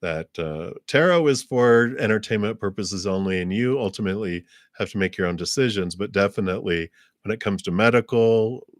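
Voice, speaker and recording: A man with a low voice talks through live tarot readings in a loose, rambling way, full of ums and "you know." He slips into little laughs and briefly acts out other people's reactions. The sound is dry and close, with no room echo. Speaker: tarot card reader. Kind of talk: live-stream card reading.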